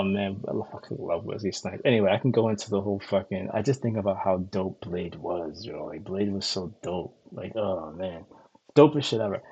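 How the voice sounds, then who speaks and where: With the highs cut off, this man's voice sits low with a darkish tone and a breathy edge. He's a Connecticut streamer host delivering a loose, profane, repetitive monologue that runs long and is packed with "like" and "um".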